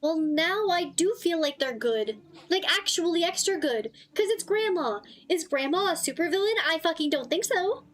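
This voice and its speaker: High-voiced, excitable streamer woman. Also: normal speed, hardly any pauses. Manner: excitable, swears freely, reacts loudly to the game. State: tired, slightly strained voice. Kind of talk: casual gaming livestream chat.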